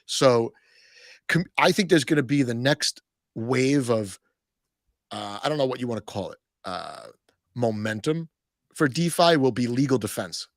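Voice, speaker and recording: A man's voice: medium pitch, expressive, unhurried, long pauses, dry recording, studio quality. A man hosting a casual talk show, speaking bluntly and rambling with frequent restarts. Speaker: podcast host. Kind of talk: casual crypto chat.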